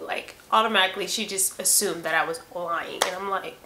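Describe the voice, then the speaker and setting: A woman in her twenties telling a personal story in a casual storytime vlog, acting out texts and replies with lively emphasis. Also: medium pitch, a little slow, echoey room, background noise. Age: 20s. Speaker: vlogger. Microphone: camera mic.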